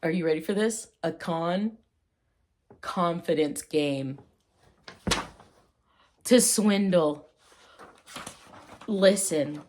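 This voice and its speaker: A woman vlogging casually about slang, playful and rambling, with jokey asides and quick tangents. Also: on the low side, darkish tone, slight background noise. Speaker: vlogger explaining old slang. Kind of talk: casual chat.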